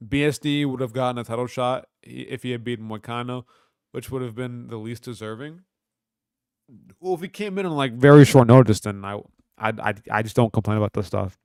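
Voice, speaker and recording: This young man from Kentucky, hosting a casual stream, jokes around, curses a lot, and reads chat aloud. His mid-range voice is a little fast, a little mellow, and smooth, captured in clean studio sound without any room sound.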